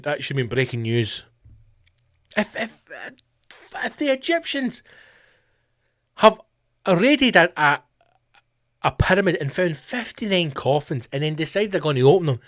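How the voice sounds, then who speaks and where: A middle-aged man with a Scottish accent, hosting his own podcast in a profane comedic rant, sweary and animated. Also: a little high, dry recording, studio quality. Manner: sweary, animated, slips into mock voices. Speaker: podcast host.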